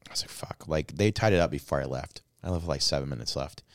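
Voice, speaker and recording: Low-voiced guy on a podcast, dry close sound, rambling and cussing, gets loud when hyped. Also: very fast, no echo. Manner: excited rambling storytelling, heavy swearing. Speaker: podcast co-host. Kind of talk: casual chat.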